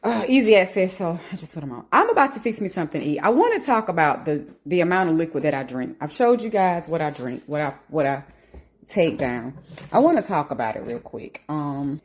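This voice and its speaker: A woman vlogger at home talking casually to the camera, animated and emphatic, slipping into rants and laughter. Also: low voice, fairly quick.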